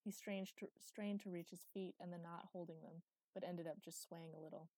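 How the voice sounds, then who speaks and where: A young woman reading a story aloud in an even, unhurried narration. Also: lowish voice, no room sound. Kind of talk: audiobook narration.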